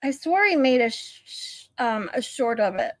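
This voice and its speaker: A woman's voice: a little high, very animated, moderate pace, no room sound. A woman hosting her channel, chatting casually and searching aloud in an amused tone. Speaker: channel host. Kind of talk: casual chat while playing a clip.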